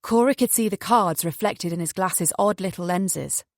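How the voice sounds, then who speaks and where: A woman narrating an audiobook thriller in an even, measured storytelling voice. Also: lowish voice, dry recording, studio quality. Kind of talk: scripted narration.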